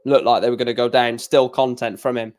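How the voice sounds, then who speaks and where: A man's voice: medium pitch, little pitch movement, a little fast, darkish tone. A young man chatting casually on a live stream, rambling with stammered restarts and blunt opinions.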